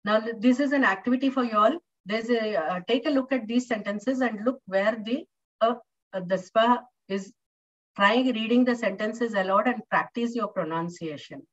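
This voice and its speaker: A woman's voice: fairly high pitch, normal speed. A woman with an Indian English accent teaching a live online university English lesson, explaining patiently with many fillers and questions to her students. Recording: distant, muffled online-class audio.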